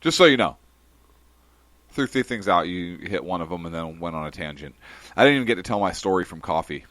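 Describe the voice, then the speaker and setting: A man co-hosting a casual podcast chat, telling an anecdote with lively, playful delivery. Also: sits low, a little fast, no room sound. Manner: animated storyteller, acts out voices in anecdotes. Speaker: podcast co-host.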